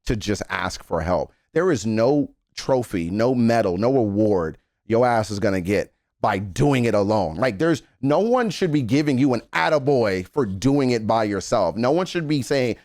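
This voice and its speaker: A man's voice: medium pitch, animated, normal speed, hardly any pauses, a little mellow, no room sound, clean studio sound. A man in his thirties giving an emotional song reaction commentary, earnest and emphatic, swearing often. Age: 30s.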